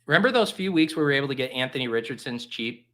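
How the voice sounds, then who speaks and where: A man hosting a live stream, making casual commentary full of jokes and quick exclamations. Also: medium pitch. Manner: animated, joking, quick exclamations. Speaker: livestream host.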